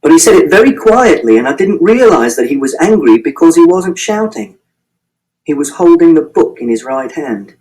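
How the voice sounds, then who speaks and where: Male audiobook narrator, fairly high voice, animated, exact and literal delivery. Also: normal speed, rough recording. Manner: precise, literal, matter-of-fact telling. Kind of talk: first-person audiobook narration.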